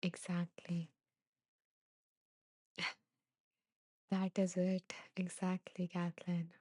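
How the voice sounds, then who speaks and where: A woman hosting a podcast, gently reading and answering live listener comments, soft-spoken and laughing softly, emotional and close to tears. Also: fairly low pitch, monotone, very slow, dry recording. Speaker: podcast host.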